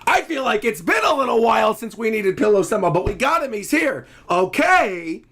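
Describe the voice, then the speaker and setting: A man hosting a live manga reaction stream, excitable and often shouting and exclaiming as he reads along. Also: sits high, moderate pace, breathy edge.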